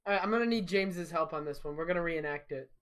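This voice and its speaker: Young dude chatting on a podcast, bright voice, laid-back and playful. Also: male voice, fairly high pitch, fast. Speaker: podcast co-host. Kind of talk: casual chat among friends.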